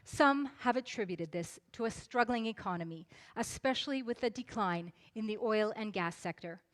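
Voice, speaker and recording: A woman moderating a debate in a clear, measured, formal way, reading out the rules and questions. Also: mid-range voice.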